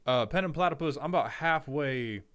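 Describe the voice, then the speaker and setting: Male streamer, smooth clear voice, loose joking chat with viewers, keeps restarting his sentences. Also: fairly high pitch, animated, moderate pace, fairly bright tone. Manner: rambling, jokey, self-interrupting.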